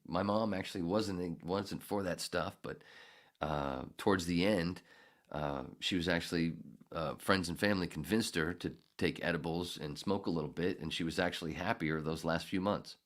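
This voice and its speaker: A man's voice: low-pitched, moderate pace. An older man hosting a podcast, telling a meandering story full of swearing and often losing his place. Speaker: podcast host. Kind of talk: rambling storytelling monologue.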